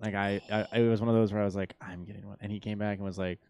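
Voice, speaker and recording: A man's voice: fairly low pitch, level tone, very fast, a little mellow, clear, resonant tone. A man hosting a podcast in casual chat, laughing often as he tells stories back and forth with a friend. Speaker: podcast host.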